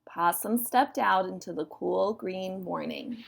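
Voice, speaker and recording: Slow, gentle woman reading to children. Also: medium pitch, gravelly. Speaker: teacher reading aloud. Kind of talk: children's read-aloud and nature talk.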